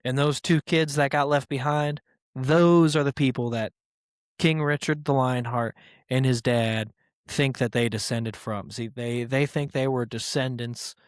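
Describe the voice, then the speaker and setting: A man's voice: medium pitch, steady tone, measured pace, no echo. Brief: male podcast host, irreverent and rambling, swears a lot, mid-range voice, dry close sound. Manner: rambling and profane, with filler words; irreverent and joking. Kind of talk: casual podcast monologue.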